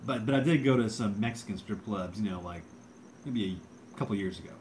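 Laid-back male livestream host, lowish voice, faint crickets behind. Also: brisk, a little mellow, a little hiss or hum. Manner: laid-back, rambling, says bro and dude a lot. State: drinking beer. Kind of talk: casual livestream chat.

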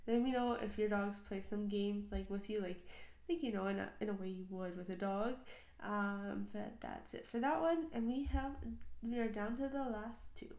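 A woman's voice: medium pitch, darkish tone. A woman hosting a casual reaction video, gushing over animal clips with lots of exclamations and giggles. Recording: roomy echo.

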